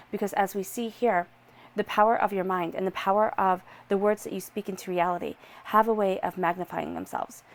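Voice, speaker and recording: Gravelly-voiced woman reading tarot cards. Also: medium pitch, darkish tone. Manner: soothing, reassuring, drawn-out repetitions. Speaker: tarot reader.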